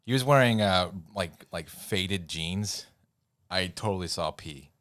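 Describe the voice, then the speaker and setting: This podcast co-host rambles through stories with laughter, occasionally fumbling for words during a casual chat. He speaks low and animated at a measured pace, his tone fairly bright, captured in studio quality with no echo.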